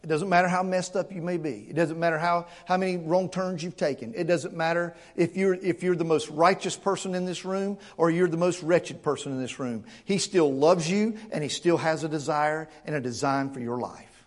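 A man with a notably high speaking voice delivers a church sermon. He preaches earnestly and emphatically, stumbling over repeated words and pressing the congregation with rhetorical questions. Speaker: pastor.

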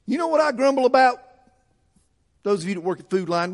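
A man's voice: very high-pitched, expressive, a little fast. A man preaching a sermon in a church, building his points through fervent repetition. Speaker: pastor. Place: church sanctuary.

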